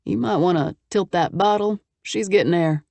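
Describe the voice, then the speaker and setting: Woman voicing a deep-voiced Texan businessman. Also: moderate pace, vocal fry, warm tone, no echo. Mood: wry. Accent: Texas. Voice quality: deep baritone. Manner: easygoing, wry drawl. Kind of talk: audiobook character voice.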